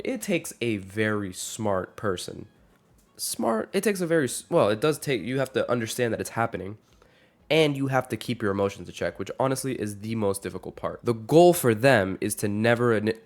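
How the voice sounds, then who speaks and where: Rambling young man ranting casually. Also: fairly low pitch. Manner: rambling, self-correcting, wry. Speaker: vlogger. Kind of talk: casual rant to camera.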